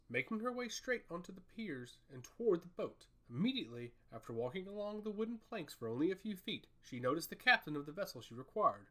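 Expressive man narrating a fantasy story. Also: a little high.

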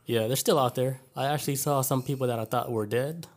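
A man's voice: mid-range voice, fairly even intonation, fast talker. A young man co-hosting a casual podcast, telling laid-back anecdotes and swearing freely. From Atlanta area. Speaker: podcast co-host.

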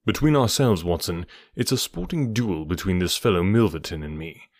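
A man reading the part of a calm, cool-headed middle-aged detective in an audiobook, speaking in a measured, dryly assured, hushed way. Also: low-pitched, no room sound, clean studio sound, pitched below the performer's own voice. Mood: reasoning calmly.

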